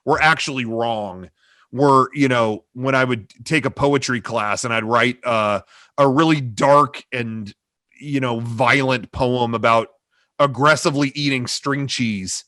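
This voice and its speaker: A man's voice: medium pitch, a little slow, sharp tone, dry recording, studio quality. A middle-aged man, a comedy video creator, answering interview questions over a video call in a rambling way full of fillers. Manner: rambling, hedging, many "you know" fillers. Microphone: desk microphone on a cable.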